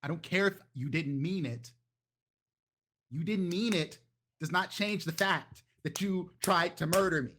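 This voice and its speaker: A man voicing a tiny, furious young woman vampire singer who rants and swears in shrill, high outbursts. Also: animated, a little fast, long pauses, slightly rough.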